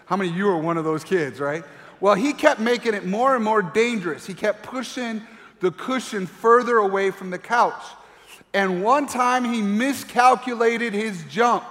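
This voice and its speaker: A middle-aged man preaching a sermon as pastor, telling a family story and acting out voices as he goes. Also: high voice. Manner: animated storyteller, acts out voices. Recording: long reverb of a large hall.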